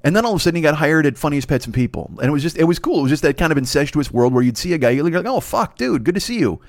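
A man's voice: a little high, very fast, no room sound, studio quality. A man, a comedy writer, telling a rambling, profane and self-mocking story in casual podcast chat. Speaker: podcast host.

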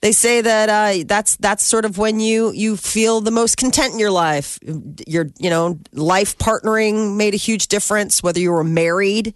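A woman's voice: mid-range voice, fairly even intonation, moderate pace, hardly any pauses, no echo. A woman co-hosting a casual chat, presenting statistics with fillers and wry quips. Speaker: podcast co-host.

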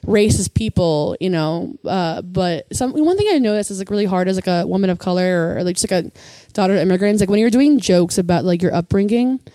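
Young woman, comedian, chatty, laughs often, mellow tone, dry room. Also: lowish voice, fairly quick, no room sound. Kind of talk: casual podcast chat.

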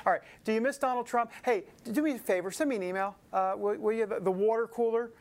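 A man's voice: sits high, fast talker. Joking, rambling New York male host. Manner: joking, rambling, asides to the audience. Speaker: show host. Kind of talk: casual news show banter.

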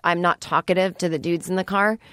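A woman chats casually on her solo podcast, rambling and tossing in sarcastic asides, recorded on a studio microphone with no room sound. Her voice is on the low side and fairly bright, with fairly even intonation and a fairly quick pace.

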